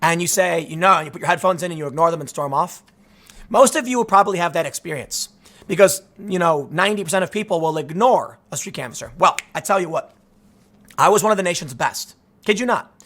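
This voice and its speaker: A man in his thirties delivers an off-the-cuff commentary monologue in a noticeably high voice. He talks casually and sarcastically, often restarting sentences and wandering into asides. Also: fast talker, a bit bright. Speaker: political commentary host.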